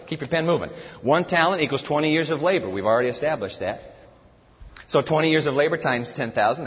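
A man preaching a sermon from scripture, emphatic and animated, telling his listeners to write things down. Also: fairly high pitch. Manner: animated and emphatic, tells listeners to take notes. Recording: reverberant hall, dull lo-fi sound.

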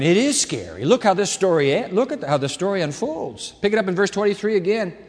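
Male pastor preaching in a high-pitched, dramatic voice, recorded with long church-hall reverb. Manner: animated, dramatic delivery with shifting volume. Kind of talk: sermon.

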